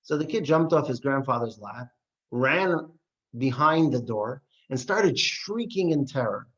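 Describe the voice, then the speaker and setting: A man's voice: medium pitch, unhurried. Man teaching with rhetorical questions, lo-fi. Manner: asks rhetorical questions, tells stories with animated voices. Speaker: rabbi teaching a class. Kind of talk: adult education lesson. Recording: dull lo-fi recording.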